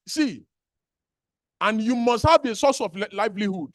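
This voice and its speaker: A man's voice: sits high, expressive, moderate pace, dry recording, clean studio sound. A man with a Nigerian accent giving an impassioned public speech as an activist, repeating phrases for emphasis. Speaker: activist speaker at a birthday gathering.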